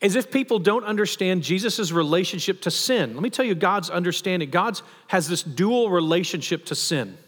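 A man's voice: sits high, lively intonation, moderate pace, few pauses, a bit bright. A man preaching a sermon in a conversational way, asking rhetorical questions and adding emphatic asides. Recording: long reverb of a hall.

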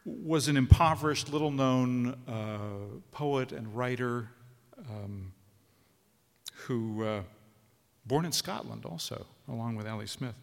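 Gravelly man introducing on stage. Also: medium pitch. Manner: halting, many fillers. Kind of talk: spoken introduction. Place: stage of a hall. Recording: long hall reverb, live stage.

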